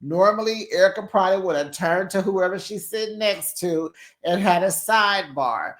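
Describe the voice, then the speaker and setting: A reality TV recap host giving casual commentary, talking straight to the cast and acting out their lines. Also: mid-range voice. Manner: animated, talks straight to the show's cast; acts out cast members' lines in quick put-on voices.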